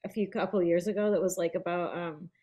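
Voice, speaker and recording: A woman chatting casually as a podcast co-host, blunt and animated, swearing freely as she talks. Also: on the low side, a little fast. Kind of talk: casual chat.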